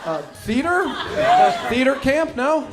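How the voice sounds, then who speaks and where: A man voicing an eager young man who overdoes a foreign accent and speaks in halting, broken English. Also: extremely high pitch, big pitch swings, over a noisy crowd, very noisy, pitched above the performer's own voice, heavily acted.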